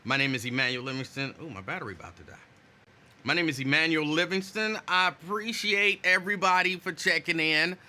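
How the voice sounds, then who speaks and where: A man hosting a casual live stream, greeting viewers by name and chatting loosely while saying his energy is low. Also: fairly quick, pushed and bright. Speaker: host.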